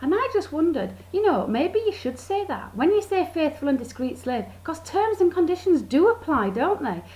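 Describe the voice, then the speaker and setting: Sarcastic woman, lively voice. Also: very high-pitched, normal speed, low-quality recording. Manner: sarcastic, mocking, drawls words for effect. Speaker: vlogger. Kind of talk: satirical comedy monologue.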